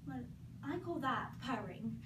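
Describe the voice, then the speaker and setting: A young woman as a slow, drawling Cheshire cat. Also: high voice, expressive. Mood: sly drawl. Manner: slow drawl with sly pauses. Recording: echoey room from far off, noisy.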